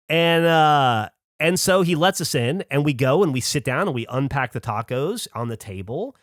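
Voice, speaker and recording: A man's voice: a little high, animated, normal speed, no echo, clean studio sound. A man on a podcast casually telling a long anecdote, acting out the people he quotes in a raised voice. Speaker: podcast host. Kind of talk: casual storytelling chat.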